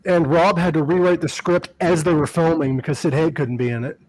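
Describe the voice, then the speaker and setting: Fairly high-voiced laughing male host. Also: fairly even intonation, brisk, darkish tone, slight background noise, low-quality recording. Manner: laughs often, swears casually. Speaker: podcast host. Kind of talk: casual chat.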